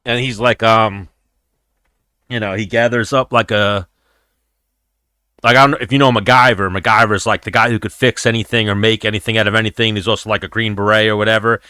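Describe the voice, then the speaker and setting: Young guy rambling on a stream, bright crisp voice, swears a lot, dry sound. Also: fairly low pitch, fairly even intonation, brisk, no room sound. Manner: rambling, profane, loose and chatty. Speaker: livestream host. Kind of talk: casual chat with live chat.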